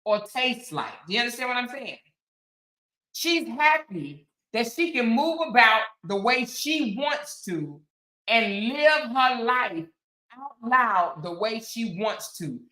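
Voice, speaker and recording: Sassy woman ranting on her stream, bright lively voice, echoey room. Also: fairly high pitch, takes it slowly. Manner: sassy, emphatic, talks back to chat. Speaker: commentary show host. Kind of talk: casual commentary stream.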